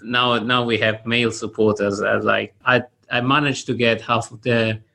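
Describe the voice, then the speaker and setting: A man with a gravelly, creaky voice is hosting a casual chat over a video call. He talks haltingly and often restarts his words while he thinks. His pitch is middling. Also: level tone, sharp tone.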